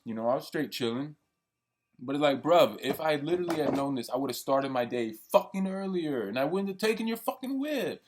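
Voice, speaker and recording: A man's voice: fairly high pitch, lively intonation, fairly quick. A young man ranting in a heated, profane, rambling monologue. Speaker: vlogger. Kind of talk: venting monologue.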